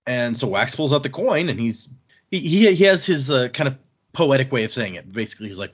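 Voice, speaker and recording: A man's voice: medium pitch, fairly quick, breathy edge. Male podcast host, casual recap, easy chatty delivery, slightly muffled mic. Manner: relaxed, chatty retelling with small restarts. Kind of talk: casual book-club chat, recapping and quoting lines. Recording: slightly dull lo-fi mic audio.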